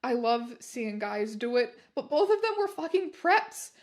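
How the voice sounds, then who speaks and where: Woman, high voice, comic over-the-top reading of fan fiction, shouts and laughs through it. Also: big pitch swings, unhurried. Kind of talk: comedic dramatic reading.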